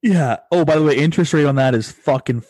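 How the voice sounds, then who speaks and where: A man's voice: a little high, fast, darkish tone, dry recording, clean studio sound. A young man co-hosting a casual podcast chat, joking crudely and swearing a lot. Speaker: podcast co-host.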